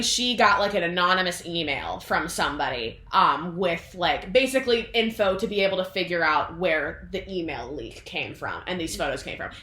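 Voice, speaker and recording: Animated young woman recapping a plot. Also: lowish voice, roomy sound. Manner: animated, filler-heavy retelling with acted-out quotes. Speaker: vlogger explaining a story plot. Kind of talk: casual chat.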